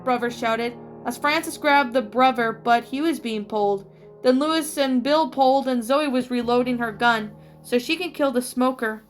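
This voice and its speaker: A woman reading her own fan fiction story aloud, haltingly, with restarts. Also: on the high side. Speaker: story reader. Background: faint music.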